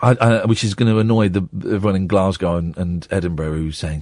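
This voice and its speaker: A man's voice: sits low, little pitch movement, fairly quick, darkish tone, no echo. A man hosting late-night radio from a studio mic, rambling and jokey, often poking fun at himself. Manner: rambling, jokey, self-deprecating. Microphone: studio microphone.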